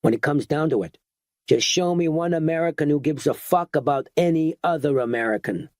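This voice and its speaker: A gruff, cynical man barks orders and grumbles bitterly, pitched above a normal speaking voice, as an audiobook narrator puts him on. The sound is close and dry. It is a horror audiobook character. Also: a little fast, no echo, close to an everyday voice. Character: blunt, cynical middle-aged man taking charge.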